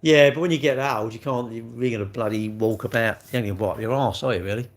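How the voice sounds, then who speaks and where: A man's voice: medium pitch, steady tone, quick pace. A man, chatting bluntly with viewers on a livestream, swearing freely and calling everyone mate. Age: 60s. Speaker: livestream host. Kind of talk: casual chat reading live comments.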